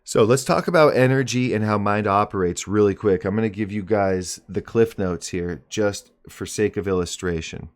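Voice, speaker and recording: A man in his forties hosting a live mindset stream, explaining ideas in plain terms with a relaxed, joking manner. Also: fairly low pitch, moderate pace, few pauses. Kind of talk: live stream talk and teaching.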